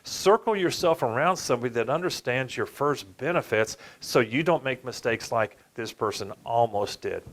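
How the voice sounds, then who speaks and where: A man working as a retirement benefits advisor, telling a case study as a lively story and addressing listeners as folks. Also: mid-range voice, moderate pace, hardly any pauses. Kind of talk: storytelling presentation.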